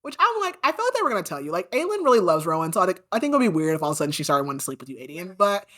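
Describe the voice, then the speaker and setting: Very animated and very fast, a podcast host with a lowish, slightly bright voice recaps a book. The talk is casual and chatty, loaded with "like" and indignant asides about the characters.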